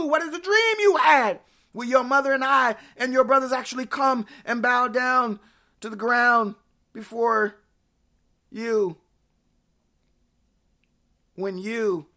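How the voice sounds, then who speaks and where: Delivering a sermon, a high-voiced woman repeats phrases in a building rhythm, climbing to shouts and then falling back to a hush.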